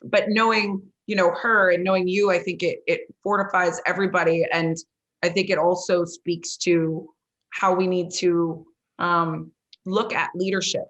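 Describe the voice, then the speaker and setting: Chatty woman host, fairly low voice. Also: normal speed, highs cut off. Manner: lively storyteller, many "like" and "you know" fillers. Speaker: podcast host and former football coach. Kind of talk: casual interview chat.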